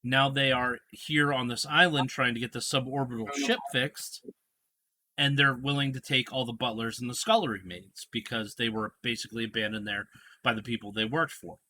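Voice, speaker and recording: A man's voice: mid-range voice, normal speed, sharp tone, slight background noise. A man hosting a casual podcast chat, retelling a TV scene in a rambling, storytelling way. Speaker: podcast host.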